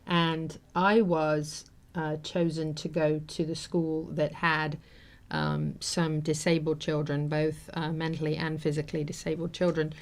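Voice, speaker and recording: Low-voiced woman telling a heartfelt story. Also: little pitch movement, measured pace. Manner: earnest, heartfelt, rambling with fillers. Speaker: host. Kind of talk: personal storytelling on a talk show.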